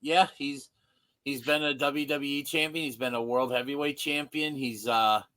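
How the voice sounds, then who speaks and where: A man's voice: mid-range voice, fairly even intonation, bright, forceful tone. A man co-hosting a casual wrestling podcast, teasing the others. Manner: teasing, quick to rib others. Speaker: podcast co-host.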